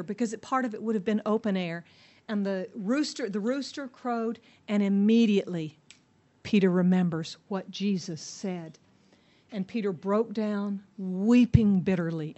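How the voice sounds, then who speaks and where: A woman teaching a Bible passage to a group, telling the story in a lively way and asking her listeners questions. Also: medium pitch. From United States.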